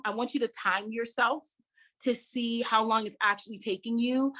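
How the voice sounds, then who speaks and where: A woman's voice: a little high, a bit bright. A middle-aged woman giving an online public speaking workshop, talking conversationally, repeating key points with emphasis and laughing between them. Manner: laughs between points, addresses viewers directly.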